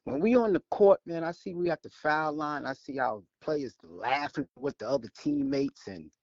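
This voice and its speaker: A man's voice: fairly high pitch, moderate pace, a little mellow, dry recording, highs cut off. A man from Brooklyn, calling into a sports stream and talking animatedly, often repeating himself. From Brooklyn, New York. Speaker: caller.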